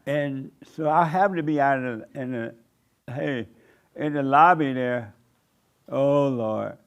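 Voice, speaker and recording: This pastor, who also hosts a show, spins a casual, colloquial story full of laughter and sharp retorts. His mid-range male voice is smooth and a little slow.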